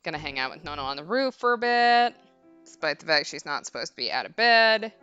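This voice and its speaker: A woman's voice: low voice, sing-song, a little fast, bright, forceful tone, smooth, dull audio, soft background music. A woman hosting a let's play, chatting and joking casually over a visual novel. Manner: joking, chatty, laughs often. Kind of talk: casual game commentary.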